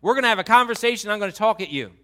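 A man preaching and voicing God as a stern, challenging male figure, speaking loudly in a raised voice. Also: sits high, expressive, rapid-fire, pitched above the performer's own voice.

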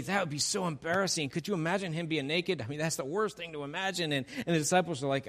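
A man's voice: on the high side, brisk, a bit bright. A man preaching a sermon, who reads scripture and acts out its dialogue with playful humor. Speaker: pastor.

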